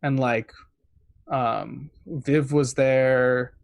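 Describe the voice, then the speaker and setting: A man's voice: medium pitch, fairly even intonation, very slow, gravelly, dry recording. A man in a casual chat as a guest correspondent, rambling with many fillers.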